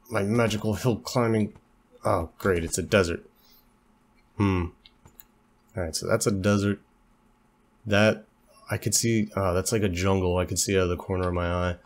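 A young man with a fairly low voice talks through a video game at his computer, chatty and joking, coaxing his horse along and startling easily. He is feeling a little unwell. Faint keyboard clicks can be heard behind him. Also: a little hiss or hum. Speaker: let's play host. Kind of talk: casual gaming commentary.

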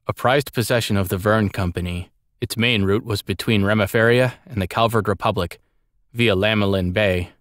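A man reading a story aloud as an audiobook narrator, in a measured, expressive way. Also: fairly low pitch, no room sound, clean studio sound. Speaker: audiobook reader.

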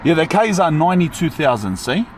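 A man's voice: a little high, very animated, fairly quick, slight background noise. A young man, chatting casually and slangily as a vlogger at an outdoor car yard, thinking aloud as he goes. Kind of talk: casual vlog chat.

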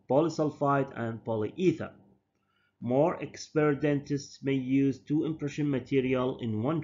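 A man, a native Arabic speaker, giving a university dental lecture slowly and deliberately, often repeating and correcting his terms. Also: mid-range voice, warm tone. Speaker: dental professor. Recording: dull lo-fi lecture recording.

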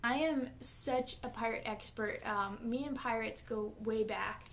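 A young woman vlogging from her bedroom, with deadpan, self-mocking asides. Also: a little high, measured pace, creaky, a little hiss or hum. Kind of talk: comedic solo vlog.

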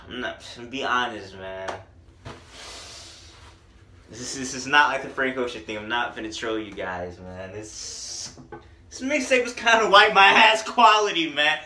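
A man's voice: medium pitch, a little slow, long pauses, pushed and bright, reverberant, slight background noise. A man giving a casual, profane and joking music review.

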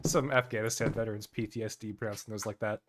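A man's voice: lowish voice, steady tone, fast talker, heavy background noise. A man in a casual podcast chat, teasing the others and laughing often.

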